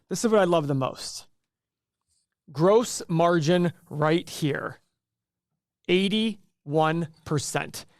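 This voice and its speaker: Guy doing a fast stock earnings reaction, kinda high-pitched, dry room, jokey and a bit scattered. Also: no echo. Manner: energetic, sarcastic asides, self-correcting mid-calculation. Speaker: stock market commentator.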